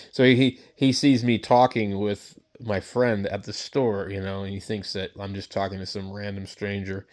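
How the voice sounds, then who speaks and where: A man's voice: on the low side, flat delivery, a little slow. A man vlogging, telling a story in a blunt, rambling way with many fillers. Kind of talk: casual storytelling rant to camera.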